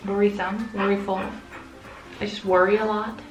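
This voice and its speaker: Woman vlogger in her 30s, casual home chat, echoey room, soft music underneath. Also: mid-range voice, fairly even intonation, moderate pace. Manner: chatty, coos and talks to her dogs. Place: home, indoors and yard.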